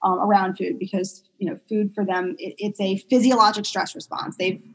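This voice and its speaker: Young woman speech therapist chatting on a podcast, breathy, lots of ums and likes. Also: medium pitch, normal speed, rough recording. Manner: chatty, many fillers, animated retelling of stories. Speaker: pediatric medical speech-language pathologist, guest. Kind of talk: casual interview conversation.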